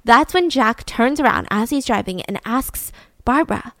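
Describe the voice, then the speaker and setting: A woman's voice: fairly high pitch, lively intonation, normal speed, no echo. A young woman hosting a podcast, telling a true-crime story in a casual, chatty way with a lot of fillers. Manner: chatty, heavy use of "like". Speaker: podcast host.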